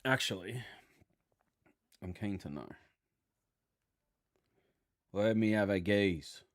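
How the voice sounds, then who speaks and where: Australian man, live-stream host, casual chat, low voice, dry close sound, sweary and blokey. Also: slow pace, dry recording. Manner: loose, sweary and blokey, thinking aloud.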